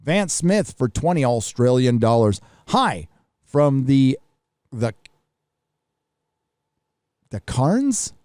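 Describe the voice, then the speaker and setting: Slow yet animated, this livestream host speaks at medium pitch with a slightly mellow quality, recorded dry and clean like a studio. He casually reads out viewer messages and riffs on them, tossing in swear words without a second thought.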